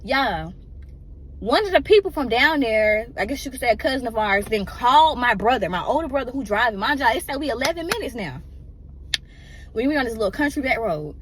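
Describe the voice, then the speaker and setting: A woman's voice: a little high, sing-song, a little fast, a little hiss or hum. A woman emotionally telling a personal story in a casual, rambling way and often addressing her listeners directly.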